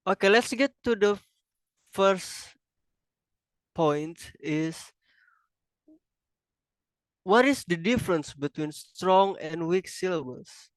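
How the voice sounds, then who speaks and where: Slow halting man giving a class presentation. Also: sits high, animated, dry recording, poor audio. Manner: halting, self-correcting, non-native phrasing. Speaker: student presenter.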